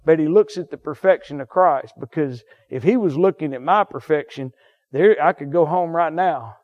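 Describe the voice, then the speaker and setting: Male pastor, high-pitched, fervent sermon delivery, muffled recording. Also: normal speed. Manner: fervent preaching with sudden high shouts and soft drops.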